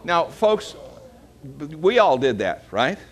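A man's voice: fairly high pitch, sing-song, slow pace. A man, preaching a sermon as pastor, telling stories and calling the congregation to say amen. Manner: storytelling preacher calling for amens.

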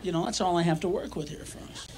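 A man's voice: high-pitched, quick pace, a little hiss or hum, poor audio. A man doing a live stand-up routine, ranting and breaking into sudden screaming tirades. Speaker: stand-up comedian. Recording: live club, loud crowd.

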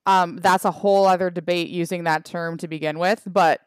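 A woman's voice: on the low side, fairly even intonation, fairly quick, smooth, no room sound, studio quality. A Canadian woman streaming a mobile game, chatting casually and wryly with her chat, trailing off with fillers. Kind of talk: casual livestream chat reading the chat.

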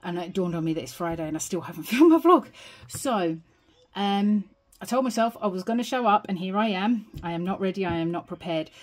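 A woman's voice: mid-range voice, animated, fairly quick, hardly any pauses. A young British woman chatting casually to camera at home, rambling and a little out of breath. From United Kingdom. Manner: chatty, rambling, self-deprecating. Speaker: budgeting vlogger. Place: home, evening.

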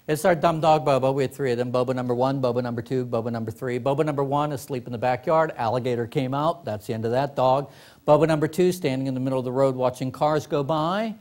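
A man's voice: mid-range voice, darkish tone. A middle-aged man, an author, telling comic stories to a live audience, laughing often and acting out quoted voices. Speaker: author giving a workshop talk. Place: library meeting room.

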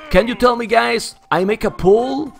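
Excitable Spanish-accented man casting a game. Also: very high-pitched, normal speed, vocal fry. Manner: excitable, keeps saying "man", surges into shouts when hyped. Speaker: esports caster. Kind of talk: live game commentary.

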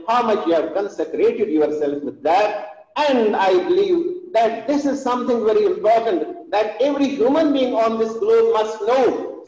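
A man's voice: sits high, darkish tone. A middle-aged man with an Indian English accent giving an earnest, emphatic lecture, often hesitating and repeating himself. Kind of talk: formal lecture. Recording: echoey hall, dull lo-fi sound.

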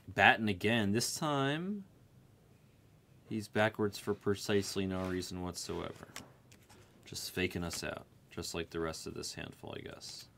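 A man's voice: sits low, unhurried, vocal fry, a bit bright, slight background noise. A man hosting a sports card break, rattling off player names and card types while chatting with viewers. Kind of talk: live card break call-outs.

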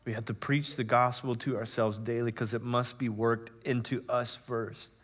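A man in his thirties preaching as a pastor, telling personal stories in a conversational way with frequent fillers, dropping to hushed tones and rising to loud, emotional emphasis. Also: mid-range voice, little pitch movement, normal speed.

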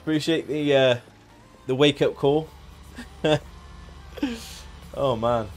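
A man's voice: medium pitch, fairly even intonation, takes it slowly, faint music behind. A man chatting casually on a live game stream, joking, laughing and thanking viewers by name.

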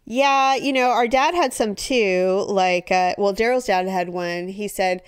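An animated woman in her forties chats with her sister as a podcast co-host, quick to laugh. She keeps breaking into high imitations of her parents. Her voice sits at a middle pitch, recorded dry and close on a studio microphone. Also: clear, resonant tone, dry recording. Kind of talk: casual chat.

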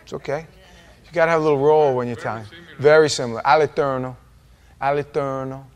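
A man's voice: a little high, racing, darkish tone, lo-fi sound. A man preaching an informal Bible-study sermon in a church, chatty and joking with his congregation. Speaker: pastor. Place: church sanctuary.

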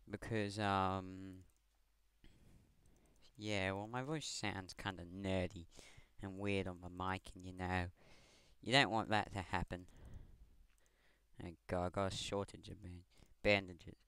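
Scottish teen boy, gaming commentary, lowish bright voice, smooth and dry, headset mic, rambling and swearing. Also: fairly even intonation, takes it slowly, no echo. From Scotland. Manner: rambling, swearing, self-mocking. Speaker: gamer. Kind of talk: gameplay commentary.

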